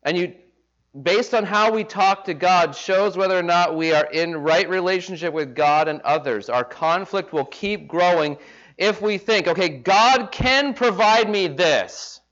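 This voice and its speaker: A man's voice: high-pitched, moderate pace, a bit bright. A man preaching a sermon as pastor, talking in a conversational way and acting out the voices of people he quotes. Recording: slightly dull lo-fi sound.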